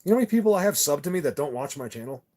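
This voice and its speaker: A man's voice: fairly high pitch, big pitch swings, very fast, darkish tone. Rambling, insistent man chatting with viewers. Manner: rambling, with many restarts and repeated words; earnest and insistent. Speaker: channel host talking to live chat viewers. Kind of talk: casual livestream chat.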